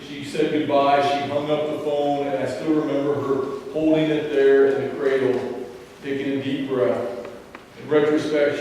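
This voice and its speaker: A male pastor giving a sermon, telling a personal story in an earnest, deliberate way. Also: medium pitch, a little hiss or hum. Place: church sanctuary. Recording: echoey sanctuary, mic at a distance.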